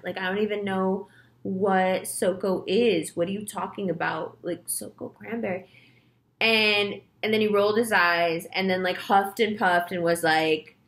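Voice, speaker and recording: A woman's voice: mid-range voice, fairly even intonation, measured pace, fairly bright tone. A young woman, a tarot reader, chatting to her viewers in a casual monologue and acting out the voices in her story.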